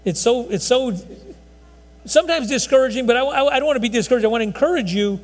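A man's voice: extremely high pitch, fast talker. A man preaching a conversational sermon in a folksy, rambling way, often restarting his sentences. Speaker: pastor. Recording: long hall reverb.

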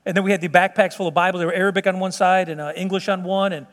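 A man giving an animated sermon testimony, telling a story with laughs and exclamations. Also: high voice, very fast. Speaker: preacher. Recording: hall reverb.

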